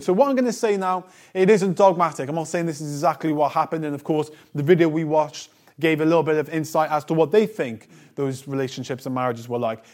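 A man preaching a sermon, reading Bible verses aloud and explaining them in a conversational way with light asides, his phrases often trailing off softly. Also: a little high. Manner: reads scripture then explains it, trailing off softly at phrase ends.

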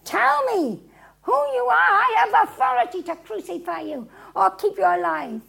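A woman preacher voicing a weak, frightened Roman governor, a man, who speaks in a loud, mocking, raised voice. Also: very high voice, sing-song, a little slow, gravelly, heavily acted. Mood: exasperated.

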